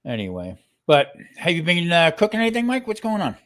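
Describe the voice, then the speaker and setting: A man's voice: on the high side, wildly swooping pitch, fairly quick, fairly bright tone. An older man co-hosting a cooking show in casual live-stream chat, rambling and restarting his sentences with frequent exclamations.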